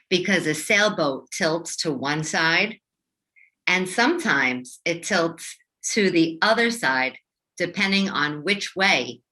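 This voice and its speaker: A woman teacher leading a young children's phonics lesson, speaking slowly and enunciating each sound clearly. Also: lowish voice, sharp tone. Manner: slow, clearly enunciated, sing-song teacher voice.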